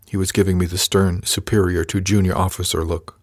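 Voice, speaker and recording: A man narrating his own novel as an audiobook, in a measured, even storytelling manner. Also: sits low, no echo, studio quality. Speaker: author and narrator.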